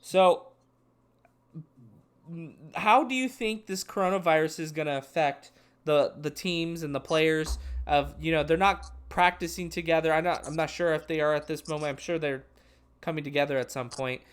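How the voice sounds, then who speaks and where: A man's voice: a little high, normal speed, clean tone. A young man co-hosting a casual sports chat, rambling and restarting his thoughts mid-sentence. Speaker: podcast co-host.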